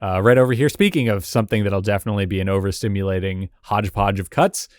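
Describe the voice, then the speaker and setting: Talking fast with fairly even intonation, this host has a low voice recorded in clean studio quality with no echo. His reaction video covers retro game ads, which he reacts to and analyzes while thinking aloud, peppering his talk with "like" and "you know" and chuckles.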